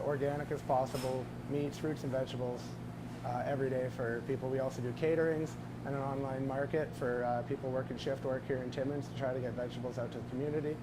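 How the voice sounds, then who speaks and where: A man working as lead farmhand at a farm-to-table restaurant, explaining things in a hesitant way with many fillers. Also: mid-range voice. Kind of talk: casual interview answers. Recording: noisy room with air conditioning hum.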